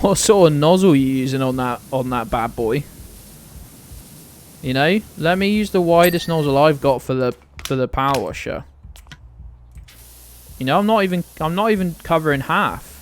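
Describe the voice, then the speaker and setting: A British man streaming a game, rambling casually and cursing now and then, often trailing off into quiet mumbles. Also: a little high, slight background noise. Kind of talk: casual gaming chat.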